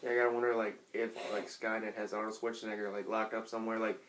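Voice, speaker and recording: A man's voice: fairly low pitch, little pitch movement, quick pace, fairly bright tone, slight background noise. A man co-hosting a podcast, asking musing, joking questions in a casual way, with many fillers. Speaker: podcast co-host. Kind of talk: casual chat.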